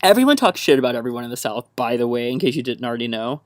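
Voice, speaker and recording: A man's voice: medium pitch, expressive, rapid-fire, no room sound. A young man from the American South rambles on a solo podcast, chatty and hyper on a caffeine buzz. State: wired on caffeine. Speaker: podcast host.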